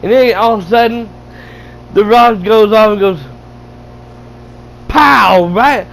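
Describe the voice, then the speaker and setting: A man casually retelling a movie, excited and laughing, with lots of stumbling restarts and swearing. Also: sits high, takes it slowly, creaky, rough recording. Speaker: gaming channel host reviewing a movie. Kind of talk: casual rambling movie recap.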